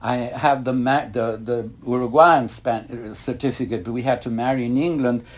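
Older husky-voiced man telling rambling anecdotes. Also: mid-range voice, moderate pace. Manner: rambling anecdotes, animated when retelling mishaps. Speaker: interview guest, retired ballet master. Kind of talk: casual storytelling in an interview.

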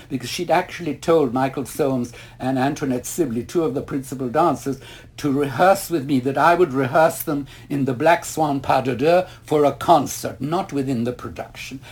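An older man from an Irish family, a guest in an interview, reminiscing at length with an animated manner, acting out the voices of the people in his stories and laughing often. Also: mid-range voice, moderate pace, breathy edge. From Ireland. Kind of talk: reminiscing storytelling.

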